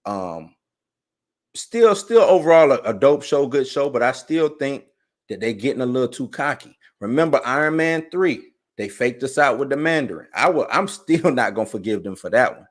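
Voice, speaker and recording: A young man hosting a live stream, chatting in a loose, animated way with plenty of conversational asides. His voice sits at an ordinary middle pitch. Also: normal speed. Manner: animated, conversational, frequent "you know what I'm saying". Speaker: live show host. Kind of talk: casual live-stream commentary.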